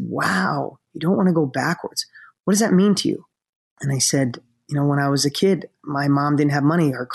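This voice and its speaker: A man's voice: a little high, gravelly. A man as a podcast guest, telling a personal story in an earnest, emotional way, close to tears.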